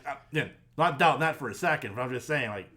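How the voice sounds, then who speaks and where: A man's voice: mid-range voice, quick pace. A man co-hosting a casual podcast, teasing his friend and acting out voices in his stories. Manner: animated teasing, mimics voices in quotes. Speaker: podcast co-host. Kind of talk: casual chat.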